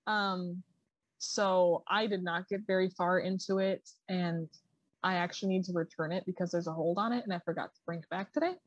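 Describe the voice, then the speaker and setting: A woman's voice: fairly low pitch, fairly even intonation, moderate pace, no room sound, lo-fi sound. Chatty young woman in a dry close recording. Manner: chatty, filler-heavy, enthusiastic about books. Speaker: library podcast co-host. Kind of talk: casual chat.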